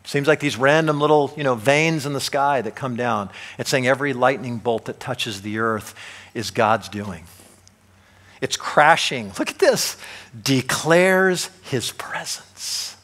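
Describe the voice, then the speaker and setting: A middle-aged male pastor preaching a sermon, animated, with many rhetorical questions to the congregation. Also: mid-range voice, measured pace.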